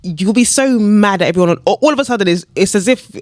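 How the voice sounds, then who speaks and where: A young woman, co-hosting a podcast in casual chat and telling stories with lively energy. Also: medium pitch, no echo, studio quality. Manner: animated storytelling, quick laughs. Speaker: podcast co-host.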